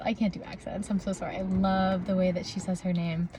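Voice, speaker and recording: A young adult woman sits in her parked car chatting for a casual vlog, filmed on a propped-up phone. Her voice is lowish and flat at a moderate pace, and she rambles with lots of fillers and restarts.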